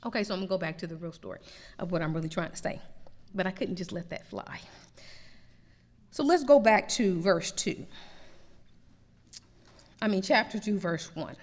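A woman preacher delivering a lively, emphatic sermon. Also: fairly low pitch, moderate pace, pauses often, big-room sound. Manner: animated preaching with rising emphatic peaks.

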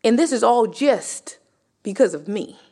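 A woman preacher voicing God as a patient, vast presence gently correcting a man, lower and softer than her own voice. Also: animated, a little slow. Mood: reassuring.

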